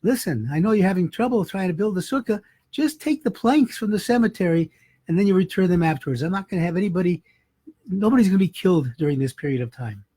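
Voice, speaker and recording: A man's voice: high-pitched, expressive, quick pace, warm tone, breathy edge. A man voicing a casual, friendly angel of death.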